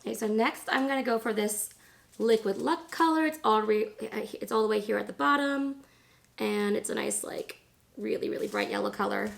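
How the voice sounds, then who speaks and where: A woman in her thirties, hoarse from laryngitis, chatting casually and rambling through a makeup tutorial. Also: mid-range voice, moderate pace. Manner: chatty, rambling, lots of fillers. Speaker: beauty vlogger.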